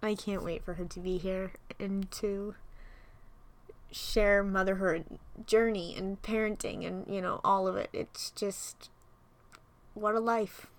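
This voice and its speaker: Young woman host, casual chatty delivery, slightly winded, breathy asides. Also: medium pitch, steady tone, slow pace. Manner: chatty, frequent "like" and "you know", soft breathy asides. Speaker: podcast host. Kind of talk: casual solo chat.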